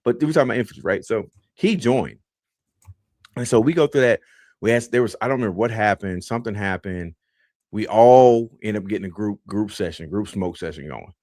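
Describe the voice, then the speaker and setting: A man's voice: lowish voice, a little fast, a little mellow, no room sound. A man hosting a podcast, telling a laid-back, rambling story with many fillers, close to the mic. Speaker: podcast host. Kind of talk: casual storytelling.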